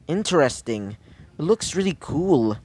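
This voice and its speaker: A man voicing a small excitable digital creature, pleading in a high whiny voice. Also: measured pace, breathy edge, heavily acted. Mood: curious.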